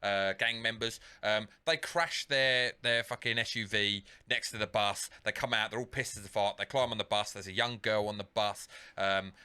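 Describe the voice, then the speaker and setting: A man's voice: fairly low pitch, fairly even intonation, normal speed, hardly any pauses, pushed and bright, clean tone. A man co-hosting a podcast, retelling a film scene in casual, sweary chat full of fillers. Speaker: podcast co-host.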